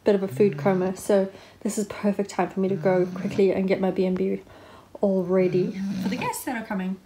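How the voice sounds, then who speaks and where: A woman's voice: mid-range voice, fairly even intonation, fairly quick, mellow, a little hiss or hum. A young woman chatting casually in a home vlog, often cooing at her dog. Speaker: vlogger and dog owner.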